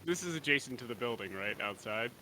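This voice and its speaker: A man at a tabletop game describing a scene in a halting way. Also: mid-range voice, animated, sharp tone, low-quality recording. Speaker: player.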